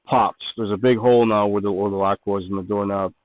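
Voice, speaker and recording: A man narrating a tabletop game as game master, describing scenes in a measured way with small restarts. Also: fairly low pitch, steady tone, no echo. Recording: tinny online call audio.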